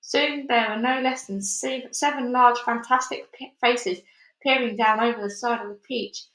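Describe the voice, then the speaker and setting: Woman reader, bright higher voice, echoey room, reads with the odd stumble. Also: normal speed. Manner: steady reading with small slips and restarts. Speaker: storybook reader. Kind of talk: chapter read-aloud.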